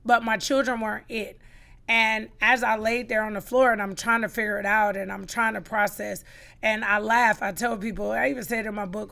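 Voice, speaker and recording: A woman's voice: fairly high pitch, level tone, moderate pace, creaky, pushed and bright. A middle-aged woman, a podcast guest, giving an emphatic personal testimony and acting out the lines she quotes.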